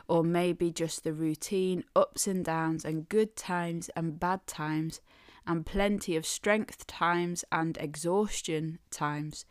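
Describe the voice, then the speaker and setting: Woman, devotional teaching, slightly low voice, smooth and clear, measured and emphatic. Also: fairly even intonation, no room sound, clean studio sound. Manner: measured, emphatic, asks listeners questions. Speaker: Christian speaker.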